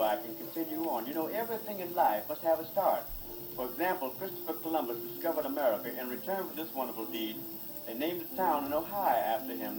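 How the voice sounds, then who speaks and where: A man delivering a vaudeville comedy monologue, wisecracking and laughing at his own jokes, on an old phonograph record. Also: fairly high pitch. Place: recording studio. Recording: scratchy 1920s phonograph record, distant and roomy.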